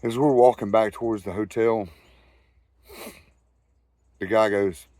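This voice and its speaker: Low-voiced Southern US man telling stories. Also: steady tone, unhurried, a little mellow, no room sound. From Southern United States. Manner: loose, profane, rambling anecdotal delivery. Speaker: storyteller host. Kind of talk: casual spoken storytelling.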